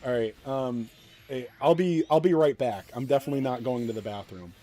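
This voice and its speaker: A man's voice: mid-range voice, fairly quick, mellow, faint music behind. A man streaming a mobile game, talking bluntly in casual commentary, rambling with fillers and self-deprecating jokes. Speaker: gaming streamer.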